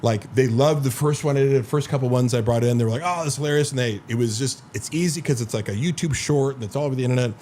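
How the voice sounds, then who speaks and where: A podcast host spins long, rambling stories in casual chat, leaning heavily on "like" and swearing freely. His medium-pitched, warm voice moves fast with hardly any pauses, over a slight hiss or hum.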